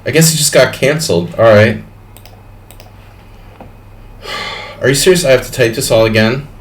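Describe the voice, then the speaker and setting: A man's voice: medium pitch, moderate pace. A man hosting a chess tournament on a live stream, chatting casually and rambling through exasperated complaints with plenty of fillers.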